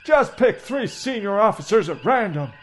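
A man voicing an exasperated, grumpy male first officer who grumbles slowly and irritably in a comedy audio parody. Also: sits high, very animated, a bit bright. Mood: irritable.

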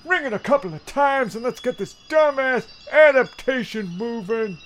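A man's voice: very high-pitched, lively intonation, moderate pace, a bit bright, slight background noise. A man playing an exasperated, cursing cohost who wants the play to hurry up. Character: grumpy impatient male show cohost. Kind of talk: comedy radio-play acting.

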